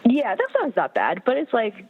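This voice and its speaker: A woman in her thirties, a podcast guest getting over a cold with a slight vocal fry, chatting frankly and swearing casually. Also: on the high side, huge pitch swings, moderate pace, narrow, tinny audio. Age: 30s. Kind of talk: casual chat.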